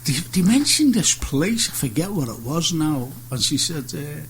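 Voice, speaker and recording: A man's voice: on the high side, big pitch swings, normal speed, a little hiss or hum, rough recording. A man hosting a radio chat show, jokey and chatty, telling his own stories. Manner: jokey, chatty, breaks in eagerly.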